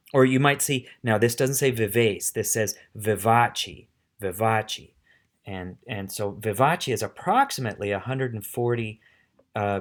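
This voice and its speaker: A middle-aged man teaching music, patiently explaining step by step and counting rhythms aloud. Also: mid-range voice. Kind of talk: casual instructional demo.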